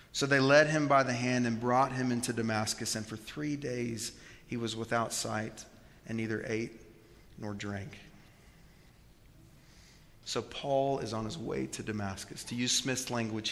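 A man in his thirties preaching a sermon in church, telling stories and shifting between hushed, slow passages and loud, emphatic ones. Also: mid-range voice. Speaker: pastor. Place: church sanctuary. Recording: long reverb of a large hall.

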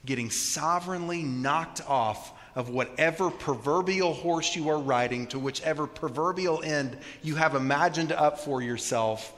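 A man in his thirties preaching a sermon in church, telling stories and shifting between hushed, slow passages and loud, emphatic ones. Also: mid-range voice. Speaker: pastor. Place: church sanctuary. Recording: long reverb of a large hall.

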